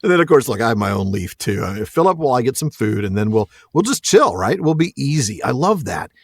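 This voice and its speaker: A man's voice: medium pitch, very animated, fast talker, slightly rough, no echo. A man co-hosting a podcast, chatting casually and enthusiastically about a book and laughing often. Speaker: podcast co-host.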